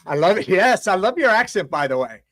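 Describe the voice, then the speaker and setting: A man's voice: high-pitched, sing-song, brisk, a bit bright. A man hosting a casual podcast interview, rambling with many fillers and restarts. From United States. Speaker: host.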